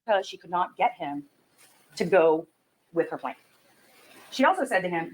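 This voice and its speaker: A woman prosecutor giving a closing argument to a jury, building her case methodically and forcefully. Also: mid-range voice, very animated, moderate pace, pauses often, low-quality recording.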